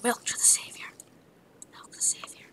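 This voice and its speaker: A woman's voice: moderate pace, bright, forceful tone, poor audio. A woman narrating her own gameplay, muttering to herself in a half-whisper with frustrated outbursts. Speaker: gamer. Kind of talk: let's play commentary.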